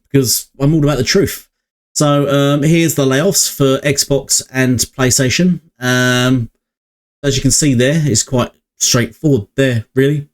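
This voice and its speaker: A man running a casual gaming opinion vlog, rambling and hesitant with lots of fillers, recorded on a budget mic at home. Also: mid-range voice. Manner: rambling and hesitant, many fillers, chuckles between points. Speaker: gaming channel vlogger.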